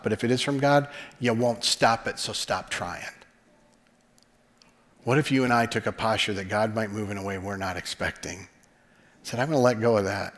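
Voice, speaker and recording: A male pastor preaching a sermon in conversational storytelling style, often dropping to a hushed voice for emphasis. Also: mid-range voice. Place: church sanctuary. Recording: long hall reverb.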